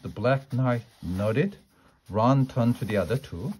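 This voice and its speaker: A man reading a fantasy novel aloud, unhurried, now and then tripping over a word and restarting. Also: medium pitch, a little mellow, husky. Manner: unhurried, with small slips and restarts. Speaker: storyteller.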